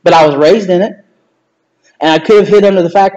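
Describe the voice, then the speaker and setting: A pastor preaching a sermon in an animated, conversational way, acting out quoted lines as he goes. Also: high voice, a little fast, lo-fi sound.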